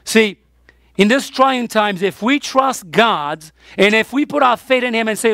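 A man's voice: extremely high pitch, normal speed, vocal fry, fairly bright tone, no echo, clean studio sound. A man preaching a sermon as pastor, emphatic, with his voice rising on the key points.

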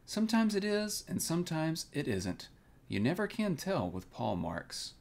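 Man reading as a gentle, dim teddy bear, earnest and pondering, lifted voice with a gravelly edge. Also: a little high, huge pitch swings, measured pace, pitched above the performer's own voice, heavily acted. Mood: ponderous. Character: gentle, slow-witted male teddy bear.

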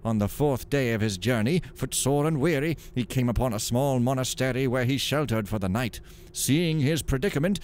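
A man's voice: medium pitch, darkish tone. A man with a mid-range voice plays through a game, joking around and reading the in-game stories aloud with theatrical flair. A faint hiss of background noise sits under his voice. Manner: casual, jokey, reads stories in a dramatic storytelling voice. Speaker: gaming channel host. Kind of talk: let's play commentary reading in-game texts aloud.

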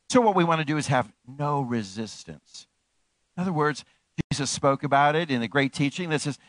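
In a dry recording, a man preaching as pastor uses a fairly bright tone, his voice rising and falling dramatically in pitch and loudness. He's emphatic and keeps returning to key phrases.

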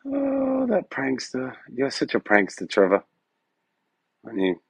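Gravelly-voiced man rambling on a live stream. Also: medium pitch, huge pitch swings, measured pace, no room sound. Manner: rambling, hesitant, full of fillers, emotional. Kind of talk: casual live-stream chat. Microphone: phone.

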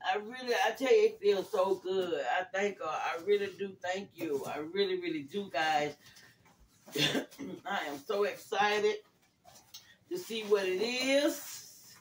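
An older woman hosting a casual gift-opening vlog, thanking viewers warmly and praising God, calling everyone y'all. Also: medium pitch, measured pace. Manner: religious, praising God often; grateful, calls viewers y'all. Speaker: vlogger. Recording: echoey room, far from mic, faint noise.

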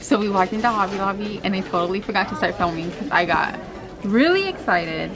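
A woman's voice: medium pitch, expressive, a little fast, music in the background. A young woman vlogging casually to the camera, chatty and playful, often giggling. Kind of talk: casual vlog chat to camera.

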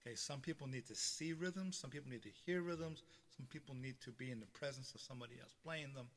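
A drumming teacher leads a live-streamed beginner lesson, walking through hand technique step by step and checking in with a frequent "okay." His mid-range voice moves fast, with a little hiss or hum, roomy reverb, and drumming between his phrases.

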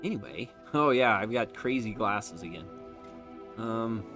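A man's voice: fairly low pitch, animated, measured pace, music in the background. A man chatting casually while streaming a game from his unfinished basement, laughing often and joking at himself. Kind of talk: casual live-stream chat.

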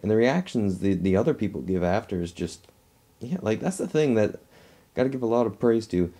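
A man's voice: on the low side, lively intonation, a little fast, warm tone. A man giving a casual movie review, rambling and restarting his phrases as he talks at home.

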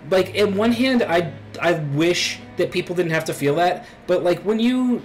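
Animated, swearing young gamer guy. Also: a little high, rough recording. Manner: emotional, swearing, rambling. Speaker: gaming YouTuber. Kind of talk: let's play commentary.

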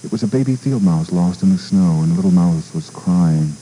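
A radio disc jockey reads a children's story aloud, his very deep, dark voice rising and falling with feeling. He stumbles now and then, repeating a word before going on. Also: a little fast, low-quality recording. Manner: expressive, with small stumbles and repeats. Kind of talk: storybook narration.

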